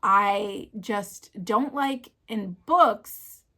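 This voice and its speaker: A woman's voice: medium pitch, extremely slow, pushed and bright. A woman in her thirties, a vlogger chatting casually and gushing about books, with lots of "like" and "oh my gosh". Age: 30s. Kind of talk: casual book chat.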